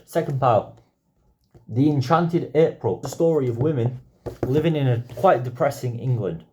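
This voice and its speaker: A young man reviewing a pile of books in a casual, chatty vlog, quick to go off on enthusiastic tangents. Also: medium pitch, dark tone, a little hiss or hum. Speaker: book vlogger. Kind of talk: casual book haul review.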